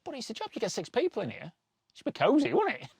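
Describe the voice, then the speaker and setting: A man presenting a documentary, telling stories in a lively way, swearing freely and laughing often. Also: very high-pitched, fast talker, creaky, breathy edge, no echo. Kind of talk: lively storytelling to camera.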